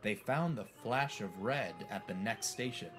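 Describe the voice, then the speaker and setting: A man giving scripted, expressive storybook narration. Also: fairly low pitch, a little slow, over music. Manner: expressive, animated.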